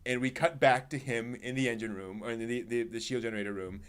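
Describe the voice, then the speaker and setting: A man's voice: medium pitch, quick pace, clear, resonant tone. A man hosting a casual anime discussion podcast, retelling a scene with lots of fillers and acting out the characters' lines. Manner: animated storyteller, acts out quotes. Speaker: podcast host.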